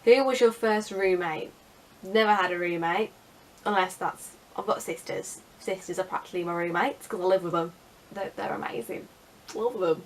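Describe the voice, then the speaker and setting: A young woman chats casually to camera. She is sarcastic and self-mocking, with a mid-pitched voice. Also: moderate pace. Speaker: vlogger. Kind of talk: casual vlog chat.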